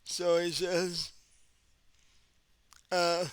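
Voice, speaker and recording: Slow, crisp-voiced game master. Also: male voice, a little high. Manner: relaxed, chuckling narration. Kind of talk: narrating a tabletop game.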